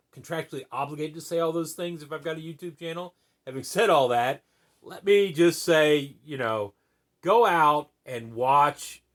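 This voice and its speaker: A man talks through his opinions in a relaxed, rambling vlog style. He leans on fillers and tag questions as he goes. His voice sits at an average middle pitch. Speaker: channel host.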